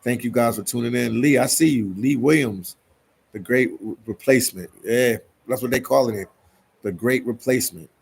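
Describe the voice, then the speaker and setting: Gravelly-voiced man chatting on a live stream. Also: medium pitch, moderate pace. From Philadelphia, USA. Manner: laid-back, keeps tacking "man" onto sentences. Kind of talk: casual live-stream chat, reading viewer comments.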